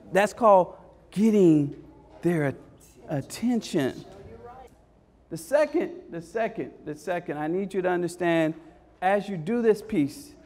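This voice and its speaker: A man leading a parent workshop, talking with lively call-and-response energy and repeating his key phrases for emphasis. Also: sits high. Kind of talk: energetic motivational workshop talk.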